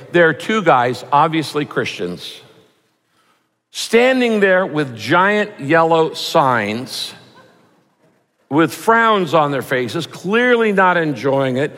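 A man preaching a sermon with an easy, humorous delivery and a slightly raised pitch. He drops into little acted voices to make his points. His voice carries a long reverb from a large hall. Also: a bit bright. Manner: conversational and humorous, mimics voices for emphasis. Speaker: pastor.

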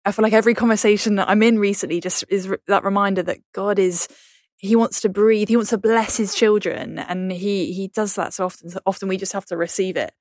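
Soft-spoken woman interviewer, dry sound. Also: medium pitch, steady tone, a little fast, no echo. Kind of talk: conversational interview.

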